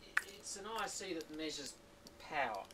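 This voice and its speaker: A man's voice: on the high side, expressive, moderate pace. A man speaking briefly and dryly from across the room, correcting the vlogger. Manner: dry, terse, quietly correcting. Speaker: vlogger's husband. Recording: off-mic, faint, with room noise.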